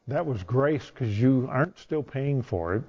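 A man's voice: medium pitch, animated, measured pace, warm tone, breathy edge. A male preacher giving a sermon in a conversational storytelling manner. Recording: dull lo-fi sound.

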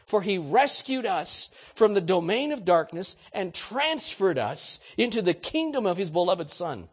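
Animated preacher with a husky voice. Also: male voice, high voice, unhurried. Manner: animated preaching, rhetorical questions to the congregation. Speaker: pastor. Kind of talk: sermon.

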